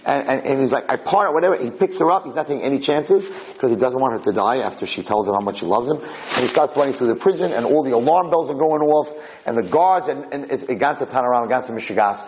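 A man telling a dramatic story in a lecture, animated and acting out the characters' voices. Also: mid-range voice, quick pace, hardly any pauses, poor audio.

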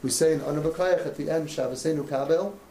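A man coaches a group of parents through an emotional talk, speaking passionately and acting out the voices of both parents and kids. His voice is fairly high, fast and dark in tone, recorded in an echoey room with faint ambience and slight background noise.

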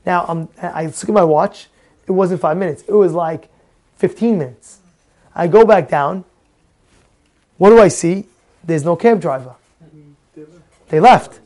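A man's voice: high-pitched, measured pace, long pauses, a little mellow. A man telling a personal story in a Torah lesson, acting out the dialogue with many restarts and Hebrew words mixed in. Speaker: Torah teacher.

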